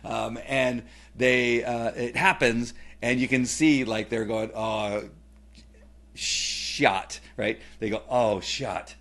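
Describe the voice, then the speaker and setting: A middle-aged man giving a casual personal testimonial, rambling with many fillers and restarts and growing animated when he retells family scenes. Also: mid-range voice, unhurried, creaky. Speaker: testimonial speaker.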